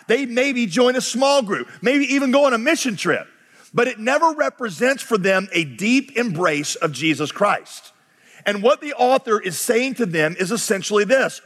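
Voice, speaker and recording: A pastor preaching a sermon to his congregation. He is impassioned, rising to shouts and then dropping low and quick. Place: church sanctuary. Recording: long reverb of a large hall.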